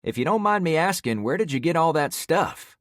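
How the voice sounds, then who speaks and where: A man's voice: on the high side, big pitch swings, a little fast, no echo, studio quality, pitched above the performer's own voice. A man voicing a friendly, talkative middle-aged neighbor with graying hair, chatting easily in an audiobook.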